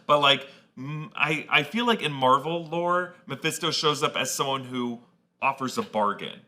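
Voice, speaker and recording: A man's voice: mid-range voice, normal speed, pushed and bright. A man co-hosting a podcast, talking through ideas in a rambling, thoughtful way with many fillers. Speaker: podcast co-host. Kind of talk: casual chat.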